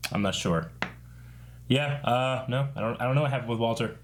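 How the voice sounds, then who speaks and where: A man's voice: medium pitch, fairly quick. A man co-hosting a reaction show, chatting casually and hesitantly with fillers. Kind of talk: casual chat.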